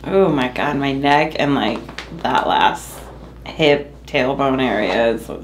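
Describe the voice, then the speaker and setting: Pregnant patient, emotional and teary, breathless gasps, very slow, animated pitch, roomy sound. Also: female voice. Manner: breathless exclamations and laughter. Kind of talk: casual reactions during treatment. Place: chiropractic clinic room. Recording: echoey room, faint background noise.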